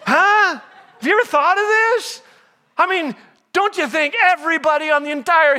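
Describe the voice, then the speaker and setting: A man preaching a chapel sermon in a high voice with a bright, forceful edge. He keeps it jokey and asks the audience questions. He acts out the lines of the people in the story as he goes. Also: normal speed. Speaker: chapel speaker. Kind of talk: humorous sermon.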